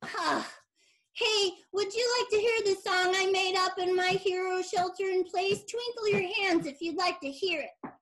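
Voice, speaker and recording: A woman teacher doing puppet storytelling for children over a video call, speaking in a gentle, childlike sing-song. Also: extremely high pitch, a little slow.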